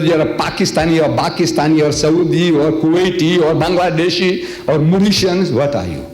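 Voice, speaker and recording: An older man giving a religious lecture to a live audience, rhetorical and animated, firing questions at the crowd. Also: on the high side, moderate pace, few pauses. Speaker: Islamic lecturer. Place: lecture hall. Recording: echoey hall with faint ambient noise.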